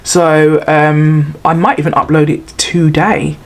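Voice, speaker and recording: A woman's voice: low voice, flat delivery, takes it slowly. Chatty middle-aged woman vlogging. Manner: rambling, chatty and self-mocking. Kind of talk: casual chat to camera.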